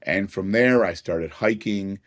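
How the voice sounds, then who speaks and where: A man's voice: low-pitched, a little slow. A middle-aged man, a podcast guest, telling personal stories in an earnest way and chuckling now and then. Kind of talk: personal storytelling in a conversation.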